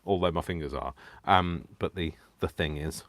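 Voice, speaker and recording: A man with a low, deep voice hosts a live crafting stream from home. His talk is giddy and rambling, full of restarts and asides to viewers. He keeps laughing to himself and teasing himself. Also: normal speed. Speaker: crafting livestream host. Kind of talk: casual live crafting chat.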